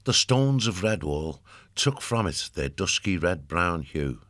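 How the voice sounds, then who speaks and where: Male audiobook narrator, very low voice, dry close sound, steady and measured. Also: no echo.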